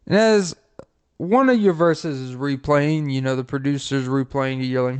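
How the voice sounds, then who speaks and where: A man hosting a podcast who tells comic scenarios in a rambling, profane way, with pauses and "um"s. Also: mid-range voice, smooth. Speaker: podcast host. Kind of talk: comic storytelling.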